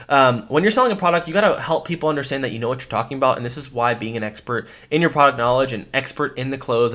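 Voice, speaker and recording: A man's voice: medium pitch, fairly bright tone. A man teaching life insurance phone sales in a training lesson, emphatic and repeating his key points.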